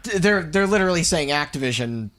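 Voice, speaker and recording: Lively, jokey male podcast co-host. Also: fairly high pitch. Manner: quick reactions, jokey, laughs and swears. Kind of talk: casual podcast chat.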